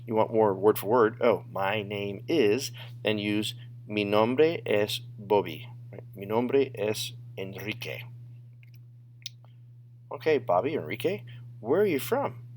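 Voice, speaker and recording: Guy teaching spanish, lowish voice that jumps around a lot, faint hum behind. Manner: animated, drawn-out modeling of phrases. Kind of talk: classroom lesson narration.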